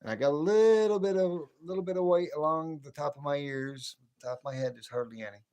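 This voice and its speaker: This livestream host is a man in his fifties, late in that decade, from the northern United States close to the Canadian border. His fairly high, darkish voice moves a little fast as he rambles chattily through a late-night stream, chuckling to himself.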